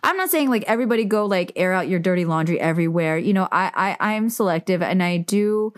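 A woman's voice: lowish voice, animated, quick pace, no echo, clean studio sound. A young woman hosting a podcast, talking candidly and emphatically about family boundaries, with frequent "like" fillers. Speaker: podcast host.

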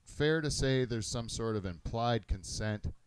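A middle-aged man hosting a crude casual podcast chat, rambling and halting with many fillers and restarts. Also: medium pitch, lively intonation, a little hiss or hum. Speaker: podcast host.

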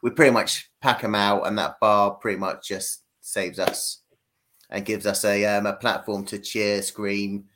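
A man's voice: fairly low pitch, flat delivery, a little slow, background noise. A British man chatting casually as a podcast guest, wry and laid-back with hesitant restarts. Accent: British English. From United Kingdom.

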